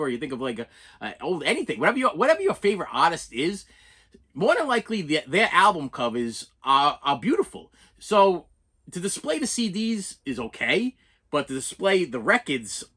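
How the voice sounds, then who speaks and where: A man with a Boston accent talks his way through an unboxing in a loose, rambling way. He keeps restarting his sentences and pokes fun at himself. His voice sits a little high and sounds sharp and bright. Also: breathy edge. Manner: rambling and self-deprecating, many restarts. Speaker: collector vlogger. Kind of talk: casual unboxing chat.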